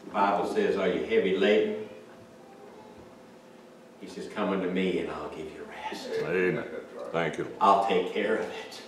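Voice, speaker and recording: A male pastor preaching a sermon, swinging from hushed to shouting and asking the congregation questions. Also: sits low, steady tone, unhurried, pauses often, a little hiss or hum. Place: church sanctuary. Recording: echoey church hall from far off.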